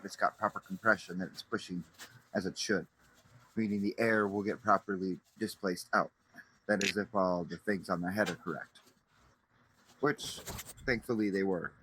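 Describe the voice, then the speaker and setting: A man's voice: lowish voice, a bit bright, a little hiss or hum, poor audio. A man giving a casual, rambling voice-over of his own engine teardown, slangy and easygoing with some mild swearing. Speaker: channel host narrating his engine teardown.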